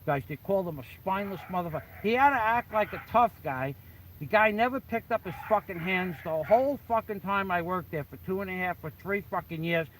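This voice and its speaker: A man recounts an old tale in casual, profane storytelling. His voice sits a bit higher than most men's. He talks bluntly and animatedly, swears freely, and often trips over the start of a sentence. A faint hum of background noise sits behind him. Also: fairly quick, a bit bright, low-quality recording. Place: the Philippines.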